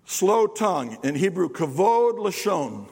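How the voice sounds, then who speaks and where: An older man, a pastor preaching an animated sermon, swinging from loud to hushed and calling on the congregation to answer. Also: sits high, unhurried, gravelly, slightly rough. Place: church sanctuary. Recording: long hall reverb.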